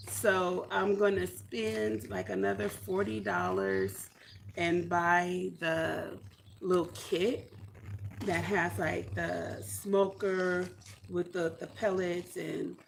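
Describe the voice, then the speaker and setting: A chatty woman talking to her livestream audience with a gravelly, fry-edged voice. She rambles, thinks aloud with plenty of fillers, and pokes fun at herself. A faint hum of ambient noise sits underneath. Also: lowish voice, expressive, slow. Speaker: homesteading vlogger. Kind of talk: casual livestream chat reading comments.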